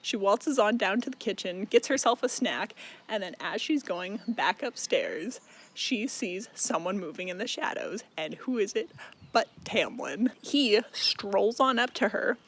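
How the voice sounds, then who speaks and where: A man's voice: sits high, lively intonation, a little slow, fairly bright tone. A young man recapping a book in casual chat, profane and exasperated, full of fillers. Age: young adult. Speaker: book vlogger.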